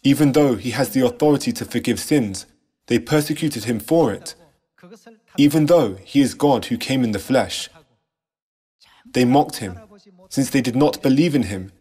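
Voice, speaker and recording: A man reading a scripted sermon narration in a measured, solemn way, posing rhetorical questions. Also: medium pitch, warm tone, breathy edge. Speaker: church narrator.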